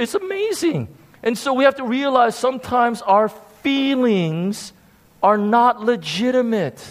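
A man preaching a sermon, telling a story with animated emphasis and frequent repeated words. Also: very high voice. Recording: long hall reverb.

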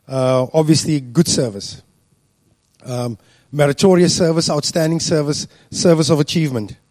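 A man giving a sermon, speaking deliberately with frequent fillers and restarts. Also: on the high side, a little mellow, no room sound. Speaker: preacher.

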